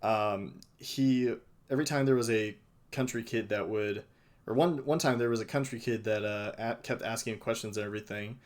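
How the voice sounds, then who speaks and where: A young man with a fairly low voice hosts a relaxed podcast conversation. He hesitates a lot, leans on fillers and starts his sentences over. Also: normal speed. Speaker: podcast host. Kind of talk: casual chat.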